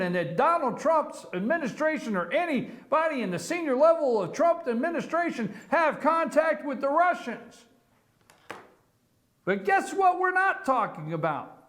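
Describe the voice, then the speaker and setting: Brief: male morning show host, very high voice, emphatic monologue full of rhetorical questions. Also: fairly bright tone. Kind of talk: opinion commentary monologue. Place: office.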